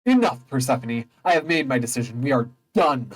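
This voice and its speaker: A man's voice: mid-range voice, animated, a little fast, lightly acted. An AI voice as a stern god of the underworld, male. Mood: commanding. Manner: grand, formal and commanding.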